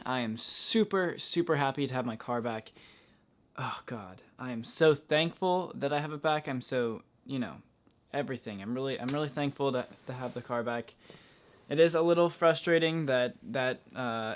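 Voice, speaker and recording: A young man vlogging casually outdoors around his car, talking frankly and swearing in exasperation. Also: mid-range voice. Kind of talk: casual vlog.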